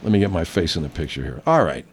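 A man's voice: low-pitched, big pitch swings, fast, slightly rough. Rambling, profane middle-aged man. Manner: rambling, profane, self-mocking. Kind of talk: casual reaction vlog.

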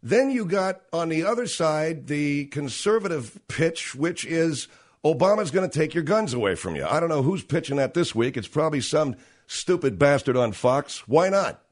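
A man's voice: on the high side, sing-song, normal speed. A man hosting a talk radio show, delivering an opinionated, sarcastic monologue and acting out the voices of people he quotes.

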